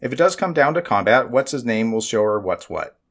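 A man's voice: mid-range voice, big pitch swings, a little fast, a bit bright. Brief: man playing an imperious female alien governor, audiobook, raised and pushy. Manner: haughty, scolding.

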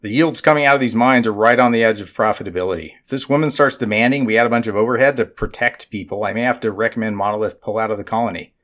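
A man's voice: on the low side, quick pace, few pauses, a bit bright, lightly acted. A man voicing a bossy female alien colony governor who talks down to everyone, haughty and scolding. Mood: imperious.

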